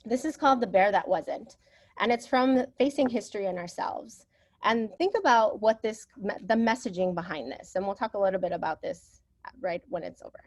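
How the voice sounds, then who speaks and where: A woman's voice: mid-range voice, normal speed. A woman presenting at an education conference, speaking personally and reflectively about her school years. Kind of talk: conference talk.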